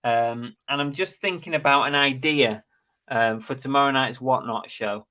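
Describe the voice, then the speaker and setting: Guy hosting a reselling live stream, casual chatty, mid pitch. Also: normal speed, pushed and bright. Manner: chatty, plugs links and giveaways. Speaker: live show host.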